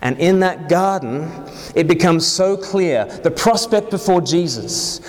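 A man's voice: on the high side, animated, a little slow, darkish tone, in a large hall. A man preaching a sermon, joking and putting questions to his congregation.

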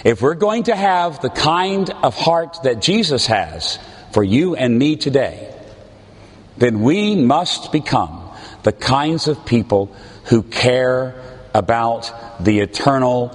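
A man preaching a sermon as a pastor, with a slow, earnest, pleading delivery and dramatic pauses. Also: mid-range voice, lively intonation, in a large hall.

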